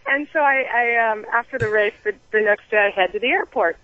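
A woman guest telling an animated story on a podcast, full of restarts and acted-out quotes. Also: on the high side, a little fast, narrow, tinny audio, a crowd in the background. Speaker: guest runner.

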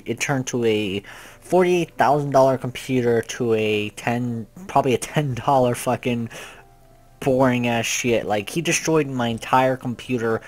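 A young man giving casual gameplay commentary, rambling and swearing, often panicking out loud. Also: medium pitch. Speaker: gaming youtuber.

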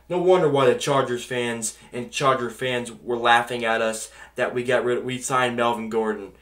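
A man's voice: medium pitch, fairly even intonation, unhurried, a bit bright. A man ranting angrily as a sports fan, exasperated, swearing and sighing as he vents about his team. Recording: echoey room.

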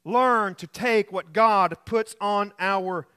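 A man's voice: sits high, takes it slowly, bright, forceful tone, clear, resonant tone. A male pastor preaching alone in a room, earnest and repetitive, telling anecdotes. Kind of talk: sermon.

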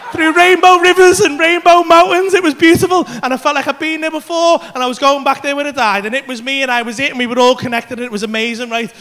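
A man doing an animated, sweary stand-up routine in a comedy club, with loud outbursts. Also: very high-pitched, fast talker, hardly any pauses.

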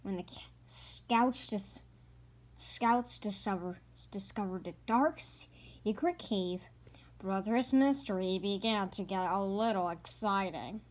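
A woman reading a children's picture book aloud, slowly and carefully, with a few stumbles and hushed passages. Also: medium pitch. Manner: slow and careful, some stumbles, hushed at quiet parts. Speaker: storybook reader.

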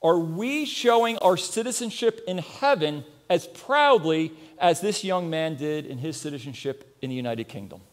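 A man's voice: a little high, expressive, moderate pace, hardly any pauses. A middle-aged man preaching a sermon, earnest, telling a story and putting questions to the congregation.

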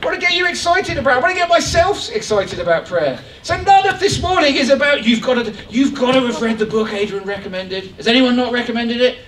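A man preaching a lively, joking sermon to his church congregation. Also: very high-pitched, a little fast, few pauses, slight background noise. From England. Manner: animated, joking, rising excitement. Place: church hall. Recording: echoey church hall from far off.

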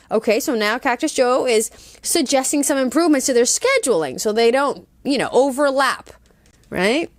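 A woman reads a children's story aloud in a playful way, adding asides and silly sound effects. Her voice is high and swoops a lot. The sound is close and dry, with no room echo. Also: lively intonation, normal speed. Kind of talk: animated storybook reading.

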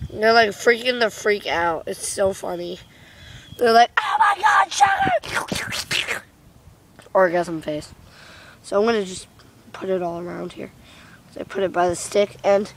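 A young vlogger talks casually to her camera in a medium-pitched voice, giggling and swearing offhandedly. She films herself indoors first, then heads out into a windy yard.

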